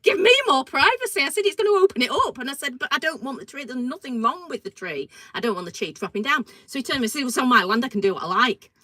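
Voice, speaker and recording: A woman's voice: on the high side, racing, hardly any pauses, no room sound, rough recording. A middle-aged woman, co-hosting a casual chat show and telling stories animatedly, acting out what people said. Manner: animated storytelling, acts out quoted dialogue. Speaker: co-host.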